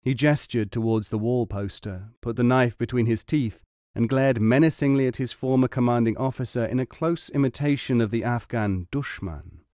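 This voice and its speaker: Guy narrating an audiobook, even and measured, mid pitch. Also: no room sound, studio quality.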